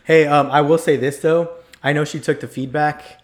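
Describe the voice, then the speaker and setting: A man's voice: fairly high pitch, fairly even intonation, normal speed. A man co-hosting a podcast, chatting casually and dropping jokes. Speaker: podcast co-host. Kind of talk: casual chat.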